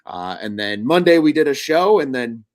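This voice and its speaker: A man's voice: mid-range voice, very animated, moderate pace, no room sound. A young adult man co-hosting a casual sports talk show, chatty and rambling, with lots of fillers and restarts. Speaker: podcast co-host.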